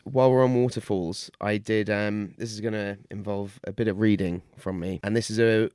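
A man co-hosting a podcast, reading a folk tale aloud in a relaxed, slightly hesitant way. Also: on the low side, moderate pace, clean tone, no echo, clean studio sound. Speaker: podcast co-host.

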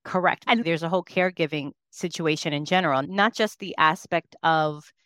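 A woman's voice: low voice, normal speed, fairly bright tone, dry recording, clean studio sound. A woman in her thirties, a working mother, speaking earnestly and with emotion in a podcast conversation. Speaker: podcast guest.

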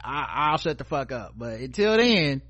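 A man's voice: mid-range voice, big pitch swings, normal speed, fairly bright tone, dull audio. A man co-hosting a podcast, riffing in casual comedic chat with profane, laughing delivery. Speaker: podcast co-host.

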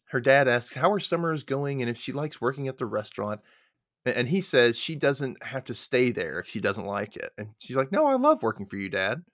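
Man, mid-pitched voice, dry close sound, casual podcast recap, chatty storyteller. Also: lively intonation, brisk, a bit bright, no echo. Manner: chatty, retells scenes with quoted lines. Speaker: podcast co-host.

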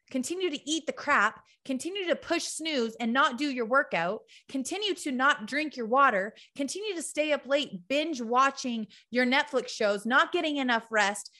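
A woman with a high, bright voice delivering a tough-love motivational talk. She hammers her points through repetition and blunt emphasis, talking straight to her audience. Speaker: motivational speaker. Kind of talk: direct-to-camera motivational talk.

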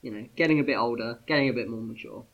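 A man's voice: mid-range voice, racing. Podcast guy, rambly, lots of ums, kinda muffled audio. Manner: rambling, many fillers and restarts. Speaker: podcast co-host. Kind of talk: casual chat.

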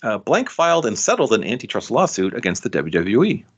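A man's voice: on the low side, very animated, husky, dull audio. Quizmaster guy, bouncy voice, reads out the questions. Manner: brisk, amused, reads the questions aloud. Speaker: quiz host. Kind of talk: reading trivia questions, podcast.

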